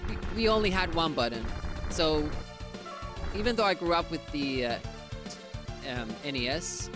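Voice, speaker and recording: Game music runs behind a lively Finnish streamer, born in Finland and a native Finnish speaker, who keeps up casual live-stream chatter while playing. The pitch is medium and the pace moderate with many pauses, and there's plenty of laughing and responding to chat.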